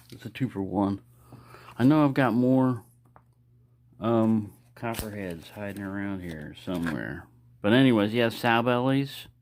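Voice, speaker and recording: A man casually showing his knife collection to his camera, rambling with restarts and asides. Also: mid-range voice. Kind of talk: casual show-and-tell vlog.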